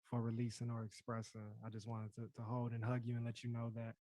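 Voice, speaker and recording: A man on a panel offering gentle support, stammering through repeated words. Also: medium pitch, completely flat delivery, a little fast, no echo.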